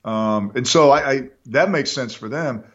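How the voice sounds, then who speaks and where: A man's voice: mid-range voice, a little slow. Easygoing man on a dull, lo-fi recording. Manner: easygoing, thinks aloud while talking. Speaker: sports talk co-host. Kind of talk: casual sports talk. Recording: dull lo-fi sound.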